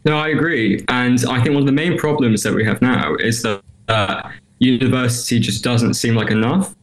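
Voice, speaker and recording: A man's voice: mid-range voice, moderate pace. A young British man in his twenties, a graduating student, speaking as an interview guest in an earnest, hesitant way with many fillers. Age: 20s.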